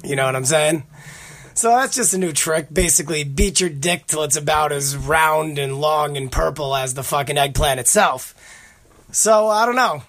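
Man, podcast host, gravelly voice, slightly high pitch, crude rambling casual chat. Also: moderate pace, fairly bright tone. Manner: profane, rambling storyteller.

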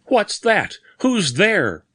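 A man voicing a terrified bearded middle-aged man who pleads in a high, panicked voice. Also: big pitch swings, drawn-out words, sharp tone, husky, no room sound, studio quality, full character voice. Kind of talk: audiobook character voice.

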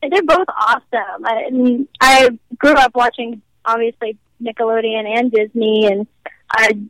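A woman's voice: fairly high pitch, steady tone, unhurried, fairly bright tone, no room sound, low-quality recording. A bubbly young woman from Nashville, a guest actress chatting in an interview, giggling often and saying "like" a lot. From Nashville, American South. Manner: bubbly, giggly, heavy use of "like". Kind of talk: casual interview chat.

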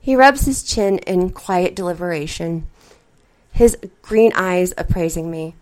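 A woman reading a first-person story aloud, with expressive, flustered narration. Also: fairly low pitch, a little slow.

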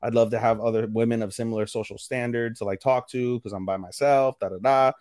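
A man's voice: mid-range voice, fairly even intonation, darkish tone, no echo, clean studio sound. A man co-hosting a podcast who chats casually and swears freely while recapping episodes, and briefly voices the characters' lines. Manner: loose and profane, acts out characters' lines in quick voices. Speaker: podcast co-host. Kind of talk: casual anime recap chat.

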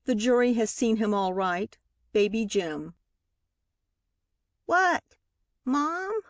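A woman reading a novel aloud as scripted narration, lifting her pitch for the characters' lines. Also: a little slow, a little mellow, no room sound, studio quality. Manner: reads dialogue with lifted pitch for characters. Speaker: audiobook reader.

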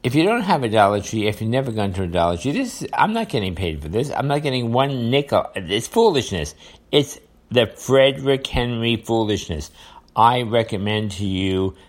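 A man's voice: mid-range voice, sing-song, normal speed. An older man with a New York accent talking casually to his viewers in a rambling, repetitive way, full of fillers and restarts. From United States. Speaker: vlogger. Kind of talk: casual monologue to camera.

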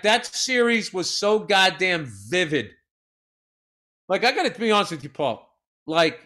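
A middle-aged man tells loud, profane stories on a casual podcast. His voice sits high and bright, and he acts out the people he quotes. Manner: animated storyteller, swears freely, acts out quotes. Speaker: podcast co-host.

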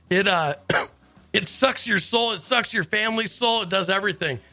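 A man hosting a radio show, telling stories in a lively casual chat and laughing often. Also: sits high, moderate pace. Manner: animated storyteller, laughs often. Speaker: radio host.

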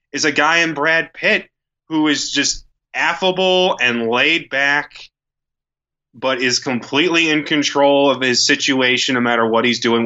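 A man co-hosting a casual movie discussion, animated, often restarting words and acting out lines. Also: medium pitch, highs cut off. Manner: animated, acts out quotes, repeats words when starting.

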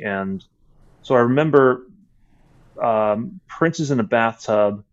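A man's voice: mid-range voice, takes it slowly. Guest: adult man, loose rambling talker, curses freely, dull recording. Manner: rambling, swears a lot, many restarts. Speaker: podcast guest. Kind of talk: casual chat.

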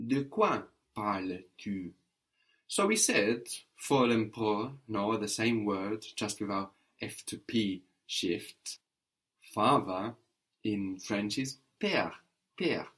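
Low-voiced guy teaching a language class, patient, says stuff twice slowly. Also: a bit bright. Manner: patient, repeats and models words slowly. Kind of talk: spoken language lesson.

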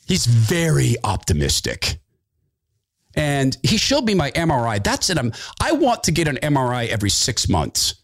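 A middle-aged man hosting an opinionated political talk monologue, sarcastic and animated, with asides and mock voices. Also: medium pitch, normal speed. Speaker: political commentary host.

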